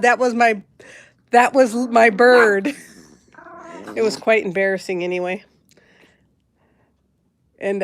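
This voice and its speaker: A woman's voice: mid-range voice, fairly bright tone, dry recording. Chatty woman streaming from home, dry sound. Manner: chatty, rambling storyteller who laughs often. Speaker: host of a pet channel live stream. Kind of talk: casual live-stream chat, telling a story and greeting viewers. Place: at home with her pets.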